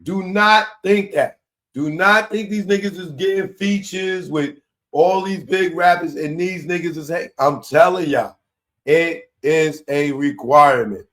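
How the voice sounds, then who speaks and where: Animated man hosting live commentary. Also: a little high, unhurried. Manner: animated, laughing, repeats himself. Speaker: commentary show host.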